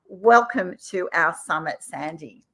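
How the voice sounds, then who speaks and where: A woman's voice: on the low side, animated, a little slow, pushed and bright. Bubbly Australian woman hosting. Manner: bubbly, gushing, laughs often. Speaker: summit host and business coach. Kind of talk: enthusiastic interview chat.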